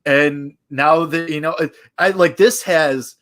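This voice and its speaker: A man's voice: a little high, takes it slowly, fairly bright tone. A man co-hosting a podcast in casual chat, with wry, mocking banter. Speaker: podcast co-host.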